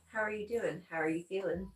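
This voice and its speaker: A woman hosting a livestream, casually chatting with viewers and giggling often. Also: medium pitch. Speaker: livestream host reading viewer chat. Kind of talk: casual live chat. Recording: roomy echo, distant from the mic.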